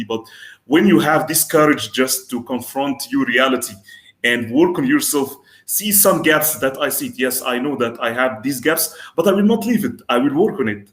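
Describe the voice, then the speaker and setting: A male interview host answers his guest with earnest encouragement. His phrasing halts and restarts as he builds his point. His voice sits at a middle pitch, and the echo of the room around him is clearly audible. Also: animated, normal speed, fairly bright tone. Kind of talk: casual interview talk. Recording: roomy echo.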